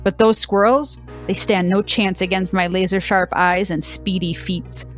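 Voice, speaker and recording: Woman voicing a deaf female cow dog, sassy, mock-dramatic, dry delivery, mid-pitched. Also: steady tone, unhurried, faint music behind, natural voice. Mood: proud.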